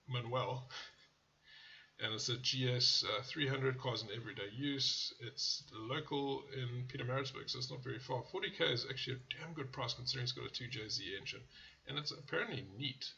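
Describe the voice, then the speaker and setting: A man's voice: mid-range voice, moderate pace, vocal fry, pushed and bright, dull audio. A man hosting a car channel, casually reviewing car ads in a blunt, profane way that often turns into rants. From South Africa.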